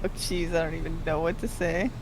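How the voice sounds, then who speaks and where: A woman playing a tabletop game casually, with a giggly, drawn-out delivery. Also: fairly low pitch, a little hiss or hum, rough recording. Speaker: player.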